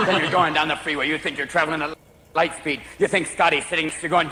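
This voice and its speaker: A man's voice: on the high side, steady tone, fast talker. A man doing a manic stand-up routine, jumping between voices. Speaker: stand-up comedian. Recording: echoey stage recording, loud crowd laughter and noise.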